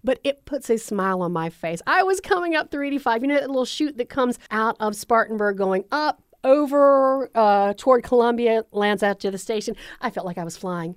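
A woman, a radio DJ co-hosting a podcast in a studio, chatting casually and animated, acting out quoted voices. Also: fairly high pitch, a little fast, few pauses, clean tone, no room sound. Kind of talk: casual chat. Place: broadcast studio. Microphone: studio mic.

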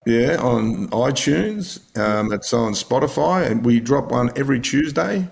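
A man's voice: mid-range voice, animated, unhurried, vocal fry. An Australian man, a podcast guest, telling blunt stories, swearing freely and laughing along. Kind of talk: casual storytelling interview.

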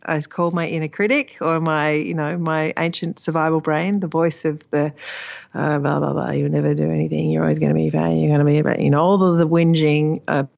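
A woman's voice: sits low, creaky, darkish tone. A woman, an author guest in a casual conversation, telling stories candidly and swearing freely. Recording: slightly dull lo-fi line.

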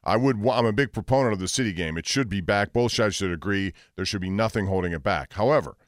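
A man's voice: lowish voice, fast, no room sound, clean studio sound. A man hosting a call-in sports radio show, blunt and opinionated, pushing back on callers. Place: radio studio.

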